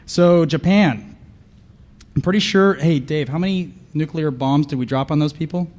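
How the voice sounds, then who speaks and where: Sarcastic guy doing a funny conference talk, deadpan jokes, chats w the crowd. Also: fairly high pitch, moderate pace. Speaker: conference speaker. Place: conference hall with audience.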